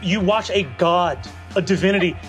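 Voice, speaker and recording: A man narrating as game master of a tabletop game, animated and quick to laugh. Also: sits high, soft background music. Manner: animated, lively, breaks into laughter.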